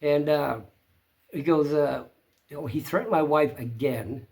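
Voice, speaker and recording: A man's voice: on the high side, measured pace, vocal fry, a little mellow. A man hosting his own channel, telling a story to camera in a plainspoken, rambling way. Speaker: channel host.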